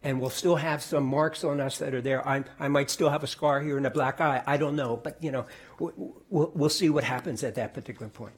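A middle-aged man preaching a sermon in a conversational way, often repeating words and dropping to soft, quiet tones. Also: medium pitch, fairly even intonation, a little fast, slightly rough. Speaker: pastor.

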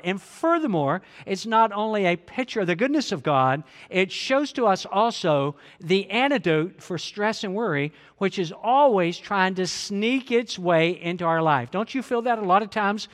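A man's voice: high voice, expressive, normal speed, few pauses, fairly bright tone. A male pastor preaching a sermon earnestly, repeating key phrases and leading the congregation to read along. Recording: long hall reverb.

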